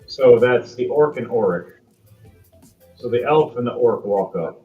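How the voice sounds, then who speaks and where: A man's voice: mid-range voice, phone-quality sound, soft background music. A man running a tabletop game. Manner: relaxed, conversational, quick asides. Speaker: game master.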